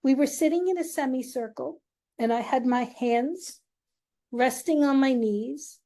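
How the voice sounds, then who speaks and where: A middle-aged woman who hosts her own show tells a personal story slowly and earnestly, in a confiding way. Her voice sits high and has a dark tone.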